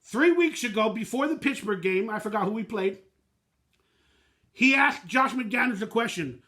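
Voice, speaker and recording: A man's voice: high voice, animated, normal speed, bright, forceful tone. A man hosting his own fan channel, giving a blunt, emotional postgame reaction rant in plain slangy talk.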